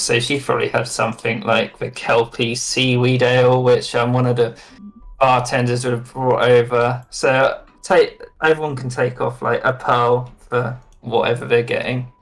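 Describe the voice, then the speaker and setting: A man narrating as game master for a tabletop role-playing session, in a relaxed, rambling way. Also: medium pitch, normal speed, faint music behind.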